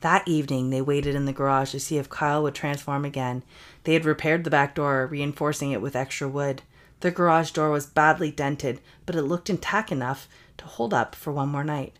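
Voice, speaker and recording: A woman podcast co-host narrating a story aloud in a brisk, even manner. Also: low voice. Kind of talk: comic reading of an erotic story.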